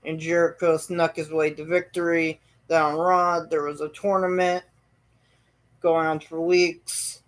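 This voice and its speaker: A man's voice: on the high side, level tone, a little slow. A man hosting his own show, telling a long story in a rambling way with many fillers and restarts. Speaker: show host. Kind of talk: casual storytelling.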